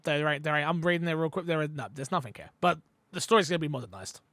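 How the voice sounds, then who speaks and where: A high, bright male voice hosting a casual podcast, full of energy and joking asides. He tells stories in an animated way, and the sound is close and dry with no room around it. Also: rapid-fire, no echo. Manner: animated, jokey storyteller. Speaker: podcast host.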